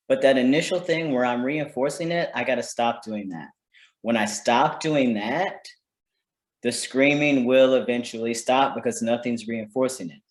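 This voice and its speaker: A man of middle pitch leads a casual teaching talk for parents, tossing out "right?" to check that the room follows along. His voice carries a roomy echo from the space around him. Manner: conversational, keeps checking in with "right?". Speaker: parenting workshop presenter.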